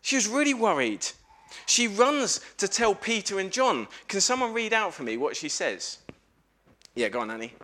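A man giving a lively family sermon in church, telling a story and asking the congregation questions. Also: high voice, normal speed, slight background noise. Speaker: preacher at a family service. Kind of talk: lively all-age sermon with questions to children.

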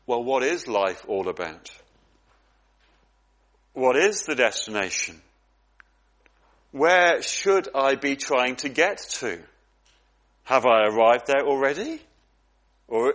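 A man preaching in an earnest, reflective way, with a voice of ordinary middle pitch. He often stumbles over and repeats words as he thinks aloud. His sermon moves steadily through questions and answers. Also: fairly bright tone.

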